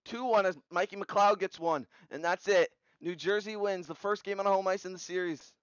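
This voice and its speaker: Young guy calling sim hockey scores, kinda high clean voice, dry slightly muffled mic. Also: normal speed, smooth, no room sound. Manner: rattles off scores in short bursts, excited at big goals. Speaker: video game simulation commentator. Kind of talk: play-by-play recap commentary. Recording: slightly dull lo-fi audio.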